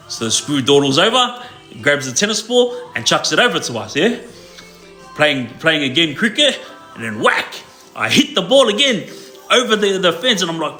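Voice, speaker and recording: A man's voice: high voice, big pitch swings, normal speed, bright, forceful tone, soft background music. A man and former inmate telling prison stories to livestream viewers in a loose, laid-back way, with lots of fillers and tag questions. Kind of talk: casual storytelling to viewers.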